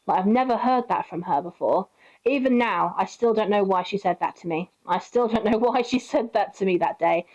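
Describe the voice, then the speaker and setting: A woman's voice: mid-range voice, fairly quick, darkish tone. A young woman telling a long personal story in a rambling, casual way, acting out the quotes. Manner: rambling, with many fillers and acted quotes. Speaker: vlogger. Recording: dull lo-fi recording.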